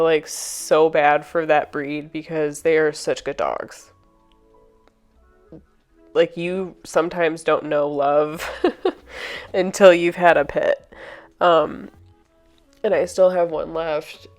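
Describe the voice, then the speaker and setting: Woman vlogger with a low voice, voiceover for a painting video, soft-spoken, a little teary and halting, light music under her. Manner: emotional, halting, with sighs and restarts.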